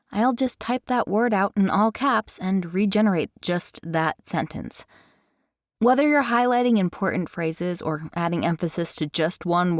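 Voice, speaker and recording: Woman tutorial host, low-pitched, upbeat chatty narration, dry close sound. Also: dry recording. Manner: upbeat and chatty, playful asides.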